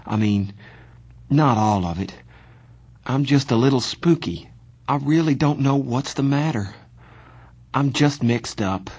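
Male reader voicing a stubborn scared young teen, husky, raised and tearful. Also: medium pitch, lively intonation, unhurried, long pauses, a little mellow, voice pushed up. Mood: uneasy. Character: fourteen-year-old boy, stubborn and scared.

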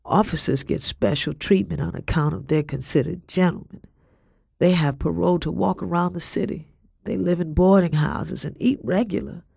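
A man's voice: on the high side, fairly even intonation, moderate pace, vocal fry, darkish tone, husky, dry recording, studio quality, exaggerated voice. A reader voicing a weary young male prisoner who talks bluntly in plain country speech.

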